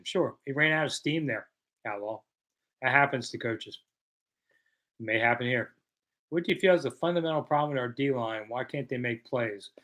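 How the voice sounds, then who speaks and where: A man in his sixties from the American South hosts a casual live chat, reading out viewer questions and answering them with self-deprecating humor. His voice is medium-pitched and a bit bright.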